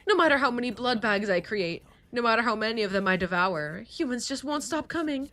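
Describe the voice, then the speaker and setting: A woman's voice: fairly high pitch, expressive, brisk, pushed and bright, voice pushed up. A woman voicing a pompous masked vampire prince who speaks in grand, archaic phrases while reading game dialogue on a stream. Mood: haughty. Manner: archaic, grandiose speech with thee and thou.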